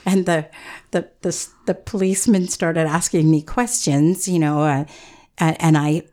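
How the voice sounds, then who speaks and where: A woman's voice: low-pitched, steady tone, measured pace, a little mellow. A woman guest on a radio talk show, telling funny stories in a chatty way and laughing often. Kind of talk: storytelling radio interview.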